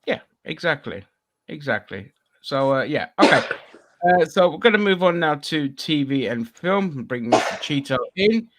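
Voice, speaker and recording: A man's voice: fairly high pitch, big pitch swings, normal speed, a bit bright. A man hosting a casual podcast chat, loose and sweary, with lots of restarts and fillers. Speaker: podcast host.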